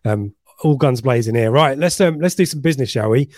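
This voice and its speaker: Bloke hosting a podcast, easy chatty voice, dry close sound. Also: male voice, medium pitch, lively intonation, a little fast, a little mellow, no echo. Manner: chatty, reads out listener messages. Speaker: podcast co-host. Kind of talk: casual live podcast chat.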